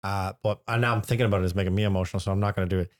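Lower-voiced joking man podcaster. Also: fairly even intonation, racing. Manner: joking, earnest, emotional at times. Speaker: podcast co-host. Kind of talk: casual couple chat.

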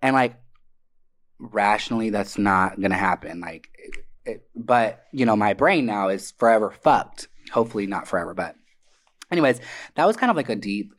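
A man co-hosting a podcast, telling personal stories in a casual, profane and animated way, acting out what others said. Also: fairly low pitch, moderate pace. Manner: animated, profane, acts out quoted voices. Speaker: podcast co-host. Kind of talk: casual storytelling. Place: Atlanta area.

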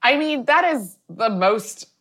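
A woman co-hosting a comedy podcast, reacting with wry, deadpan quips. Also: on the high side, slow. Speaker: podcast co-host. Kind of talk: casual comedic chat.

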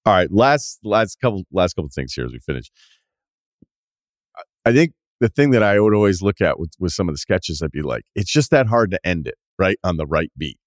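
A man hosting a podcast, firing off questions fast in a low voice. The room sound is dry and close to the mic. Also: sing-song, no echo. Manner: quick, conversational questioning. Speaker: podcast host. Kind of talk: casual interview.

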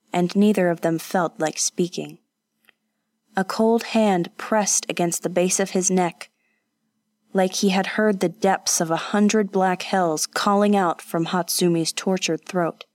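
A woman with a lowish voice reads a novel as an audiobook, in scripted narration with a measured, even storytelling style. The recording is dry and studio-clean.

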